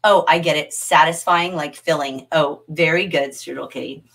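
A middle-aged woman teaching a livestreamed literature class, animated and often laughing as she answers the chat. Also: sits low, moderate pace, creaky, husky.

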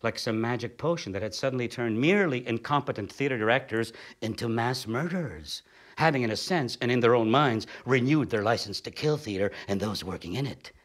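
A man's voice: medium pitch, expressive, a little fast. A man from Canada delivering a performed spoken essay as a theatre artist, sardonic, blunt and profane.

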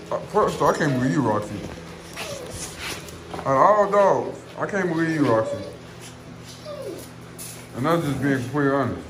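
A man talks casually to his dogs, coaxing and teasing them. His voice sits fairly high and swings widely in pitch. The room sounds echoey, with clear background noise. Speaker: dog owner filming his dogs. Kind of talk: casual vlog commentary. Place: at home among feeding dogs. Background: dogs eating and moving about.

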